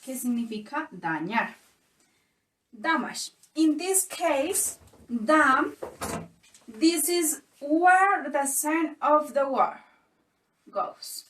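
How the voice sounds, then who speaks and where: A young woman with a Colombian Spanish accent and a high voice reads out stress rules very slowly and deliberately, spelling letters and repeating examples. She sits away from the mic in an echoey room. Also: animated, distant mic, a little hiss or hum. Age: young adult. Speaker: student presenter. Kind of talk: reading phonetics rules for a lesson.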